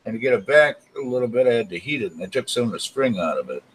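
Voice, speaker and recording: A man's voice: medium pitch, big pitch swings, very fast, slightly rough. A man hosting a casual live stream from his living room, chatting with guests while he tinkers and mutters.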